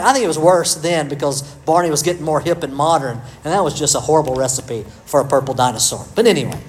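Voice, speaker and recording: A middle-aged man delivers a sermon like a chat with friends, poking fun at himself and calling on people in the pews. His voice sits a little high for a man. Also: rough recording. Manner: conversational, self-deprecating, addresses the congregation by name. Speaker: pastor.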